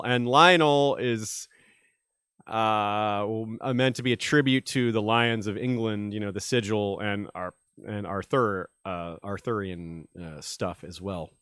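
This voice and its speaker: Man, podcast host, casual rambling chat, mid-pitched, dry close sound. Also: fairly bright tone, dry recording. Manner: rambling, chuckling, many fillers.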